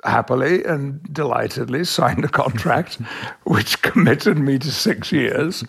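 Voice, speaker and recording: An older man from Yorkshire with an English accent, a veteran actor telling measured, reflective anecdotes in an interview and chuckling often. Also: mid-range voice, gravelly, slightly rough. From Yorkshire, England. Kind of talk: interview storytelling.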